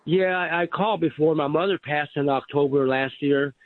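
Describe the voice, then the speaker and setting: A man's voice: a little high, moderate pace. A man calling in to a live radio show, politely answering "yes, sir". His voice comes through a tinny phone line with no room echo. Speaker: caller.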